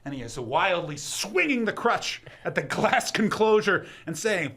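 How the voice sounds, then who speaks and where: A man from Canada, a comedian guest on a podcast, telling a story in a casual, animated way. He acts out the other people in the story and swears freely. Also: high-pitched, measured pace.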